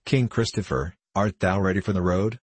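Male reader doing a surly, scornful squire, low and husky. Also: steady tone, normal speed, dry recording. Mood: mocking. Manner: scornful, archaic speech.

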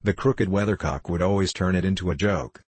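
A man reading the lines of a worldly, weary gentleman sleuth in a languid, ironic, knowing way in an audiobook. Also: deep voice, brisk, breathy edge, no room sound.

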